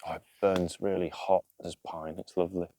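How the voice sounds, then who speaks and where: Sitting by a campfire outdoors, a podcast co-host with a low, dark voice and flat delivery talks earnestly about emotional healing at a moderate pace. It's a casual spiritual chat, peppered with swearing and frequent "you know"s.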